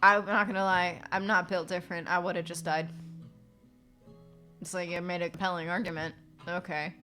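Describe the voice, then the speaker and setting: A woman's voice: fairly low pitch, level tone, moderate pace, bright, forceful tone, faint music behind. A woman streamer and voice actor chatting casually on a live stream from her apartment, rambling with fillers and swearing, her nose congested. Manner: rambling, frequent fillers and profanity.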